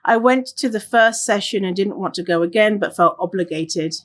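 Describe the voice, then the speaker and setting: Sweary, expressive woman podcast host. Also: medium pitch, moderate pace. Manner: expressive, sweary, laughs often, reads listener stories aloud. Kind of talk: casual solo podcast talk.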